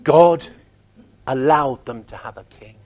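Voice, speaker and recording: A man preaching a sermon, emphatic and animated, often acting out the voices of other people. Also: mid-range voice, a little slow.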